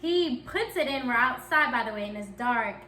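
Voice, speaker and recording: A woman's voice: fairly high pitch, lively intonation, moderate pace, sharp tone, slight background noise. A young woman vlogger telling a candid personal story in a chatty, giggly way. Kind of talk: casual storytime chat. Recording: echoey room.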